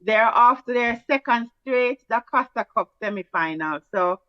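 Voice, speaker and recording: Woman, Jamaican accent, teasing sports chat, fairly high voice, dull lo-fi sound. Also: lively intonation, dry recording. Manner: teasing, quick-fire. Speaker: co-host. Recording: dull, dry, lo-fi mic.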